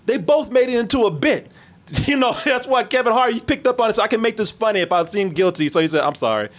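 Man, high voice, lively swooping pitch, casual reaction chat, laughs a lot, swears. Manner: animated, laughs often, swears freely. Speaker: podcast host.

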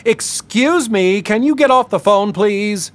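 A man's voice: high voice, expressive, measured pace, pitched above the performer's own voice. A man voicing an angry mother who scolds a worker sharply. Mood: scolding. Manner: scolding, indignant. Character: angry shrill woman, a mother.

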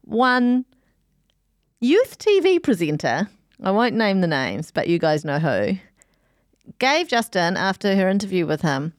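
A woman chats casually on a podcast and tells her stories with lively energy. She laughs often, and her voice sits in a middle range. The recording is close and dry. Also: medium pitch, unhurried, smooth, dry recording. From New Zealand. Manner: animated storytelling, laughs often. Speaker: podcast co-host. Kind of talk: casual chat.

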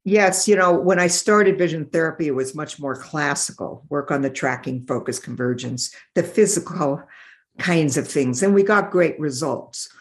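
A middle-aged woman in a podcast interview, telling stories in an animated way and acting out the voices of the people in them. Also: deep voice, moderate pace. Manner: animated, acts out voices in her anecdotes. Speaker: developmental optometrist.

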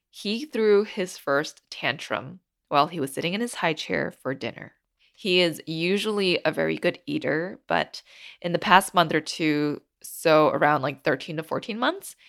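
A woman's voice: on the low side, fairly bright tone. A woman in her thirties hosting a podcast, chatting candidly and acting out her stories expressively. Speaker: podcast host. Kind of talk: candid casual chat.

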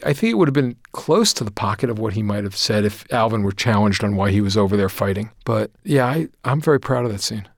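A man, the creator of a series, talking as a guest in an interview, an animated storyteller who laughs often. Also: fairly low pitch, fast talker, gravelly, hardly any pauses, dry recording, clean studio sound. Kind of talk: interview conversation.

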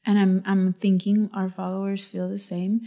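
A woman's voice: medium pitch, flat delivery, normal speed, creaky, mellow. A woman in her thirties talking candidly with her husband, earnestly pressing her point and acting out little quoted asides. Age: 30s. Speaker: podcast co-host. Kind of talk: candid couple conversation.

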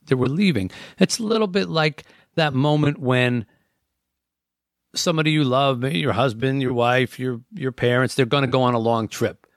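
A man's voice: mid-range voice, fairly bright tone, no room sound, clean studio sound. A man reading a memoir passage aloud, then reflecting in earnest, conversational talk with restarts as he thinks aloud.

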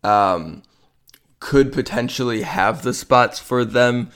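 A man's voice: mid-range voice, slow pace, fairly bright tone, clean tone. A man hosting a sports podcast alone, talking casually with lots of fillers and a tired, yawning, self-deprecating ramble. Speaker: podcast host.

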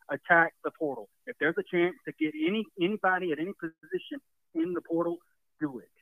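A man's voice: on the high side, no room sound. A man calling in to a sports talk show, out of breath, giving an emphatic and repetitive opinion. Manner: emphatic, preachy, repeats himself. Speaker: caller. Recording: phone line.

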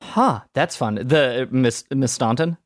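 A man's voice: mid-range voice, unhurried, no echo, clean studio sound. Articulate man in casual chat. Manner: articulate and agreeable, backs up the other speaker. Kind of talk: casual chat about musical theatre.

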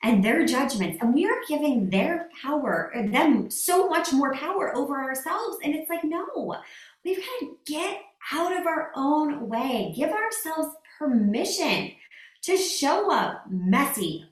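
Lively woman host with a roomy echo. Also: sits high. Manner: emphatic, encouraging, upbeat. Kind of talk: motivational conversation. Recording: roomy echo, voice set back from the mic.

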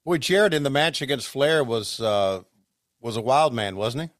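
A man's voice: medium pitch, animated, dry recording. Rambling storytelling man, dry sound. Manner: rambling storyteller, halting restarts. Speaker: podcast co-host, former wrestling commentator. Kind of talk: casual chat.

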